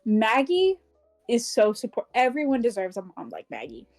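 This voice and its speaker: A woman's voice: fairly high pitch, wildly swooping pitch, moderate pace, darkish tone, soft background music. Giggly woman gushing over a book. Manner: giggly, gushing, swears freely. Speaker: book club podcast co-host. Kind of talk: casual chat recapping a novel.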